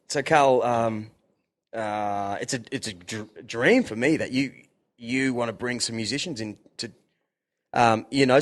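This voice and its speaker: A man hosting a podcast, rambling casually with many fillers and restarts. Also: mid-range voice. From Australia. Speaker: podcast host.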